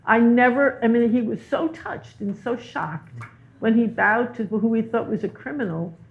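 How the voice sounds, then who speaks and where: A woman's voice: on the high side, normal speed, creaky, slight background noise. A woman guest teacher in a spiritual conversation, telling stories animatedly and repeating words for emphasis. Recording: tinny phone-like line.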